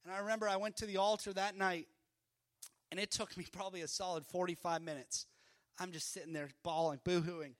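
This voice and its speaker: A man from Canada preaching a sermon at a church service, impassioned, moving between loud declarations and hushed storytelling. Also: high voice, moderate pace, no echo, studio quality.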